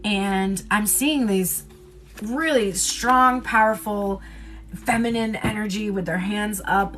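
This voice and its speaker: A woman with a mid-range, slightly bright voice speaks slowly over faint background music. She's giving a casual tarot reading on a livestream, chatty and candid, laughing often and swearing freely. Her delivery is loose and rambling, full of fillers.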